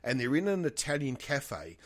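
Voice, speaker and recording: A man's voice: mid-range voice, very animated, normal speed. A man from Australia co-hosting a podcast, rambling and joking, often apologizing. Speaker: podcast co-host. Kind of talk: casual chat.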